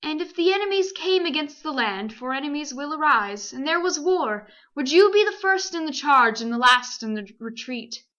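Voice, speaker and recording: A woman voicing a great, wise male lion who speaks slowly and gravely, read aloud as a storybook. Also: sits high, animated, sharp tone, dull audio. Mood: solemn.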